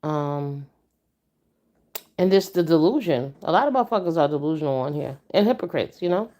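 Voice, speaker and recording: A woman hosts a casual livestream, chatting straight to her viewers. Her voice sits slightly low, and she is blunt, stern and profane, jumping up in pitch when she makes a point. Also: expressive, moderate pace, warm tone. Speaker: livestream host.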